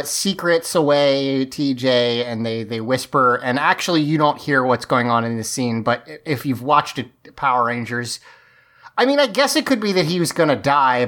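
A man's voice: medium pitch, bright, forceful tone. A man co-hosting a podcast, recapping an episode in a chatty, amused, rambling way. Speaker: podcast co-host. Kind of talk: casual episode recap chat.

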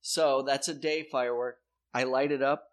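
Profane middle-aged storyteller dad. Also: male voice, mid-range voice, fairly even intonation, normal speed. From South Dakota. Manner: profane, acts out his own past reactions. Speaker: podcast co-host. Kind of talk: casual storytelling chat.

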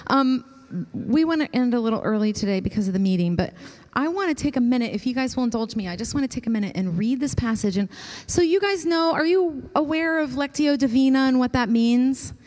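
A woman preaching a sermon and leading a slow, gentle scripture prayer with long pauses. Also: high voice, lively intonation, in a large hall.

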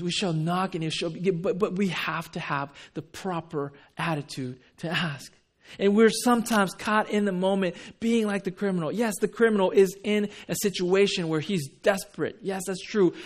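A man preaching a sermon. He drops to hushed tones and acts out quoted pleas. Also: high voice. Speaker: pastor.

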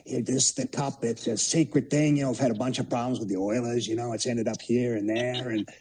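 A man doing an impression of a gruff old ex-New York cop, in a put-on New York accent. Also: mid-range voice, fairly even intonation, brisk, a little mellow, close to an everyday voice. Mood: stern.

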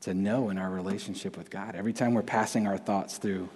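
Husky-voiced male preacher in a reverberant hall. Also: deep voice, steady tone, fairly quick, darkish tone. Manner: conversational, many restarts and asides. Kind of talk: sermon.

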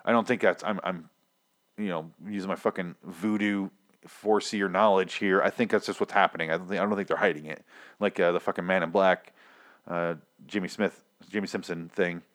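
Solo podcast host, male, slightly low voice, loose and swearing, animated recap chatter. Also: brisk. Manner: rambling, profane, animated. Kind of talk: casual solo show recap.

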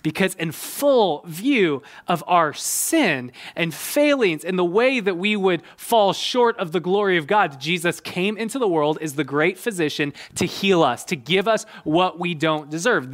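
A man's voice: high voice, a bit bright. A middle-aged male pastor giving an earnest, conversational sermon, with frequent ums and uhs as he explains and reads scripture. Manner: earnest, conversational preaching with fillers.

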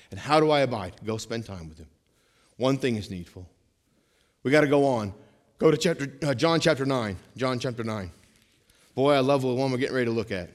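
A man's voice: mid-range voice, brisk. Preaching man in a reverberant hall. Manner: animated preaching, swings between loud emphasis and hushed asides, repeats lines. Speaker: pastor. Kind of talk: sermon.

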